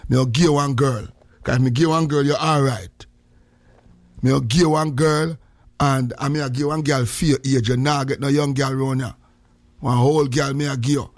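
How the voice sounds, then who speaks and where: A man's voice: mid-range voice, fairly even intonation, moderate pace, no echo, clean studio sound. A man with a Jamaican accent hosting a casual morning radio show, joking in heavy patois and greeting listeners. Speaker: radio host.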